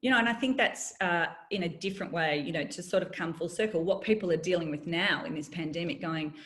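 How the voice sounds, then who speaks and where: Woman, middle-aged, slightly low pitch, candid, reflective storytelling. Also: fast, a bit bright. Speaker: guest, former journalist. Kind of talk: personal storytelling in interview.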